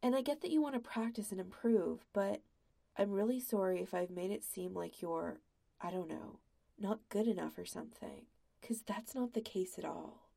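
A woman reads a gentle young man in a storybook reading, speaking quietly and reassuringly. The voice is mellow and slightly gravelly. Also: mid-range voice, moderate pace.

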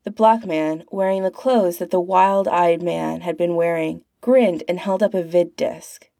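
A woman narrates a fan-written story at an even, unhurried clip. Her voice is mellow and soft-edged, and the recording is dry and close, with no room around it. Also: fairly low pitch, vocal fry, no room sound. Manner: reads aloud, putting on character voices. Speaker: fan fiction reader.

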